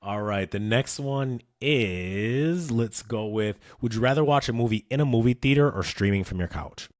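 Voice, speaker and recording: A man in his thirties hosting an interview podcast, talking in a relaxed, conversational way and laughing easily. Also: medium pitch, moderate pace, no room sound, clean studio sound. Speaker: podcast host. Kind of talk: casual interview chat.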